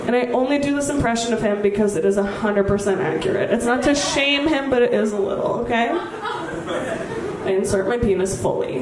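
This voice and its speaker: A brash woman comedian tells a crude story in a stand-up set, with a high voice that swoops widely. She talks slowly, and the live stage recording is echoey with loud noise behind it. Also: lively intonation.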